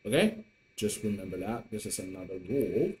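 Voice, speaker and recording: A man's voice: lowish voice, big pitch swings, a little fast, a little mellow, slight background noise. A man teaching an online lesson in English, patient and repetitive, with many fillers. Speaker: Mandarin teacher.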